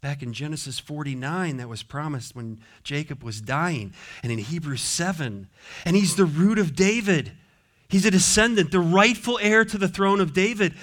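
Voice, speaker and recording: Preaching at normal speed in a slightly high voice, a male pastor alternates tender, consoling passages with forceful statements he repeats for emphasis.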